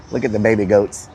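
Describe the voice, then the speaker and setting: A man's voice: on the low side, mellow, slight background noise. A man hosting a livestream outdoors at a petting zoo, goofily teasing the animals. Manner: goofy, teasing animals, bleats at them. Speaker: livestream host. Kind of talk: casual livestream chatter.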